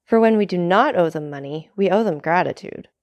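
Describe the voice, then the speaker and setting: A woman's voice: fairly low pitch, lively intonation, brisk, a little mellow, natural voice. Dantès, earnest young sailor read by a woman. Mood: cool. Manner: heartfelt, urgent pleading. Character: young male sailor, earnest and devoted son. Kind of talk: audiobook character reading.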